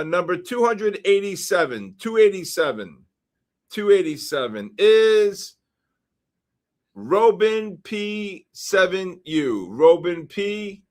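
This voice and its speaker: A man hosting a livestream, reading out numbers and usernames for a giveaway and getting excited about each winner. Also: high voice. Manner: excitable, shouts when names are drawn. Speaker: livestream host. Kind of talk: live-stream giveaway draw.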